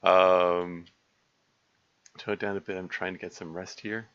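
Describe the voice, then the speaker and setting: Halting low-voiced man streaming a game. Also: little pitch movement, a bit bright, lo-fi sound. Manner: rambling, halting, many fillers and restarts, chuckling. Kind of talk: casual let's-play commentary.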